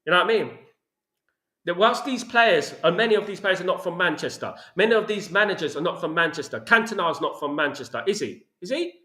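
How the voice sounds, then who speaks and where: A man's voice: high voice, animated, fairly quick, pushed and bright, roomy sound. A man with a London accent hosting a football channel, ranting about his club in a passionate, repetitive way. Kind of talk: opinionated fan commentary.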